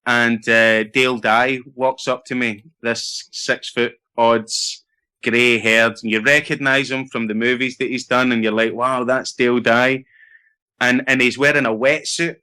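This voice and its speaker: A middle-aged Scottish actor telling lively anecdotes in a casual interview, laughing and acting out what others said. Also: male voice, medium pitch, smooth. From Scotland. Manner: animated anecdotes with laughter and acted-out quotes. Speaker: actor guest.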